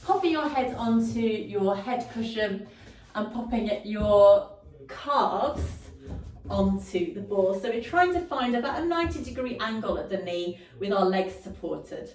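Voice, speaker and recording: A woman's voice: medium pitch, lively intonation, measured pace, a little mellow. A woman Pilates instructor guiding a ball workout, cueing each breath and movement with encouraging praise, sometimes a little out of breath. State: slightly out of breath at times. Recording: roomy echo, mic at a distance.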